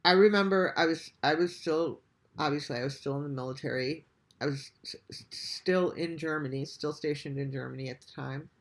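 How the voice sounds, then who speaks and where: Man, reaction host, spins a casual story with animated swearing and frequent laughs. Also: fairly high pitch, fairly quick.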